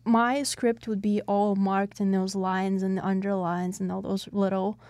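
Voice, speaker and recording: A woman's voice: mid-range voice, flat delivery, unhurried, a little mellow, no echo, studio quality. A woman co-host recounting her acting school habits with enthusiasm in a casual interview. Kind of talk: conversational podcast chat.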